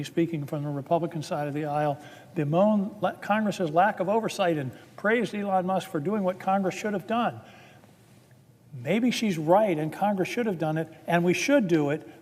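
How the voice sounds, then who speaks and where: A man's voice: a little high, a little mellow. A man, a senator, giving a formal floor speech with earnest, building emphasis. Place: legislative chamber. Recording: long reverb of a large chamber.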